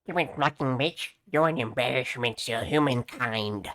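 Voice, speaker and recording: A man's voice: mid-range voice, moderate pace, fairly bright tone, natural voice. A man voicing a vicious, hateful male online troll who hurls crude insults in a snarling manner. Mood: hostile.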